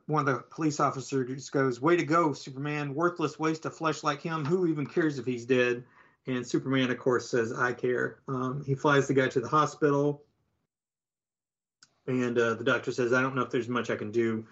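A man's voice: medium pitch, a bit bright. Man rambling through a comic recap. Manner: rambling, filler-heavy storytelling. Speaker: podcast co-host. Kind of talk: casual comic book recap. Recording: slightly dull lo-fi audio.

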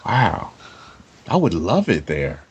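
A man co-hosting a podcast in casual chat, telling stories loudly and animatedly with profanity and shrill mock quotes. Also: huge pitch swings, slow pace, breathy edge, highs cut off. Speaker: podcast co-host.

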